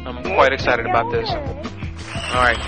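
A man hosting a radio prank-call show, talking in loud, crude, laughing banter. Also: medium pitch, measured pace, loud music behind the voice, rough recording.

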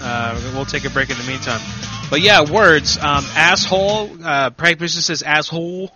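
A man's voice: medium pitch, moderate pace. A man hosting a casual prank-call radio show, rambling with laughs and crude banter. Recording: dull lo-fi sound with music behind.

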